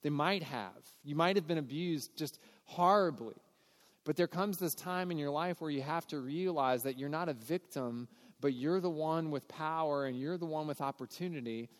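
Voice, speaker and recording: A man's voice: a little high, normal speed, big-room sound. A man preaching a sermon in a conversational, earnest way, often acting out quoted voices. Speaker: pastor.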